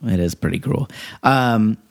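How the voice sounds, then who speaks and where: A man's voice: fairly low pitch, a little slow, vocal fry. A man in his thirties co-hosting a podcast, talking in a laid-back way and laughing easily. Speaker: podcast co-host. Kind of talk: casual chat.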